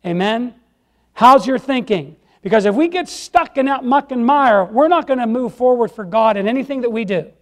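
A man's voice: extremely high pitch, lively intonation, moderate pace, a bit bright. A man preaching a sermon in church, folksy and emphatic, repeating phrases and asking the congregation "Amen?". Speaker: lay preacher.

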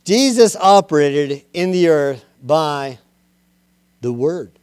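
A male preacher delivers his sermon in a smooth, resonant, fairly high voice. He is emphatic and homespun, calling on listeners to speak the words aloud. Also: animated, slow, a little mellow, no echo, clean studio sound. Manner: plain-spoken, homespun.

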